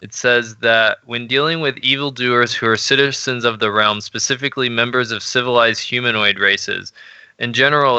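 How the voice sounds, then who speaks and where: A man's voice: fairly low pitch, sharp tone, clear, resonant tone, no echo. A man playing in a tabletop game, speaking hesitantly and reading rules aloud. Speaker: player. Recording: dull lo-fi dry mic.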